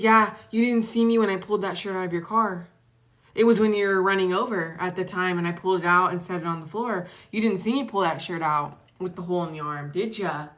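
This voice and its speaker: A young woman tells a personal story in a casual storytime vlog. She is chatty and animated, acting out the other people's words and swearing freely. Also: medium pitch. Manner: chatty, animated retelling with acted quotes and swearing. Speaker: vlogger.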